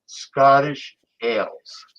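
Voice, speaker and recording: A man's voice: medium pitch, very slow, a bit bright. Casual man over dull lo-fi call, stammering restarts, emphatic, mid-range voice. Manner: stammering restarts, emphatic about his likes. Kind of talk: casual chat.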